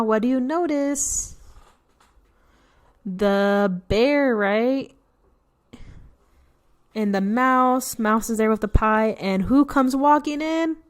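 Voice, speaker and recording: A woman reading a picture book to children, patiently explaining words and asking questions. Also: high-pitched. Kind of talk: read-aloud lesson.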